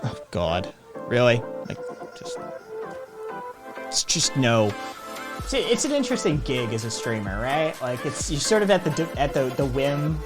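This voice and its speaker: A man's voice: mid-range voice, sing-song, unhurried, pauses often, music in the background. Profane rambling male streamer. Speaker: streamer host. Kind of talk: casual live-stream chat.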